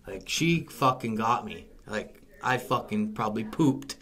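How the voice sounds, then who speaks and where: A man in his thirties chatting casually and telling stories, acting out quotes loudly. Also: on the low side, unhurried, background noise. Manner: animated storyteller, acts out quotes loudly. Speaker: podcast host. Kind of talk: casual chat.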